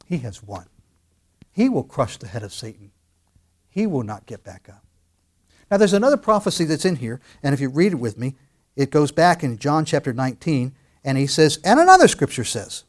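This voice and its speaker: Male preacher, fairly high voice, impassioned sermon, rhetorical questions, shifts between booming and hushed. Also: very animated, normal speed. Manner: impassioned, swings from loud proclamation to quiet intensity; quotes and explains scripture, asks rhetorical questions. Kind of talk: expository sermon.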